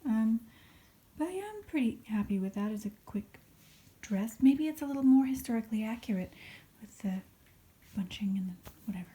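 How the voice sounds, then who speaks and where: A woman's voice: on the high side, animated, brisk, dark tone. A woman vlogging as she sews a costume, explaining each step in a chatty, self-mocking way and often dropping into half-whispered asides. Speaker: sewing vlogger. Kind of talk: casual sewing vlog with instructions.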